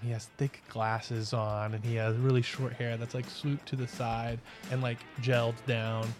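A man narrating as game master in a tabletop role-playing game, talking with many fillers and pauses. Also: mid-range voice, level tone, soft background music.

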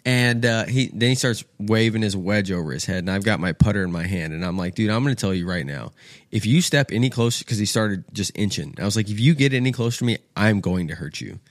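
With studio-quality sound and no echo, a young man talks fast in a lowish voice. He's an animated podcast guest telling a story in casual banter, swearing freely and impersonating the people in it.

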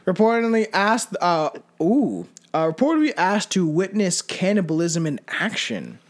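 High-voiced man swearing through casual chat. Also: big pitch swings, normal speed. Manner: loose and profane, many fillers, laughs often. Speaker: podcast co-host. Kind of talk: casual chat reading out dark trivia.

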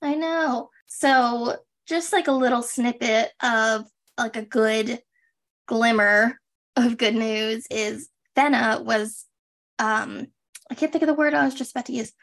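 A woman's voice: on the high side, fairly even intonation, measured pace, fairly bright tone. A young adult woman co-hosting a podcast in a casual chat, talking loosely with lots of fillers and restarts. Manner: chatty, trails off and restarts, lots of "like". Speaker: podcast co-host.

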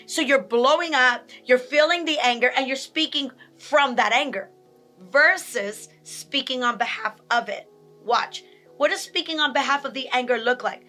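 A woman's voice: high-pitched, moderate pace, bright, forceful tone, faint music behind. A woman giving a teaching talk on handling emotions, repeating key points and acting out angry and sad examples. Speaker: speaker on emotional health.

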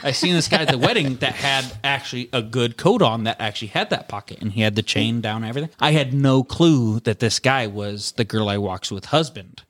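A man's voice: medium pitch, a little fast, few pauses, fairly bright tone. A young man hosting a casual podcast chat, telling a long story in a profane, rambling way.

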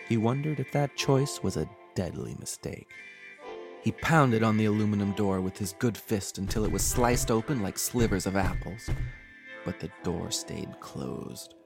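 A man hosting a horror podcast, reading a scripted horror story with dramatic, measured delivery. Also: fairly low pitch, creaky. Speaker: horror podcast host and narrator. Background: faint music.

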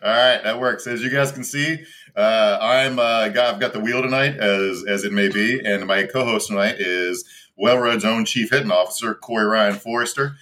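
A man's voice: fairly low pitch, fairly even intonation, normal speed, pushed and bright. A man hosting a comedy podcast in loose, rambling casual chat, laughing often, speaking from a hotel room. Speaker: podcast host.

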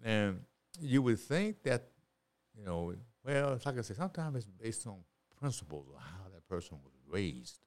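Middle-aged male guest, lively sing-song pitch, preachy and repetitive, casual podcast talk. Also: moderate pace. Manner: animated, repeats words, preachy.

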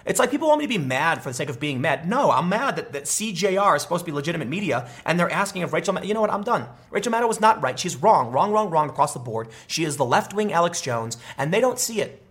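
A man giving opinionated political commentary in a sarcastic, animated way, talking fast with frequent restarts. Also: a little high.

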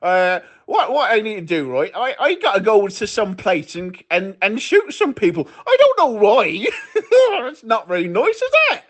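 Comic bit: man doing a bright, giggly Cockney Bond, rambling and clueless, voice-message sketch. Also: high voice, sing-song, normal speed, heavily acted. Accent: Cockney, put on. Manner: giggling, rambling, filler-heavy. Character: giggly dim Cockney James Bond, male adult.

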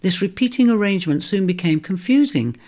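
A storyteller reading a children's fantasy tale in an expressive narration. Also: mid-range voice, a little fast.

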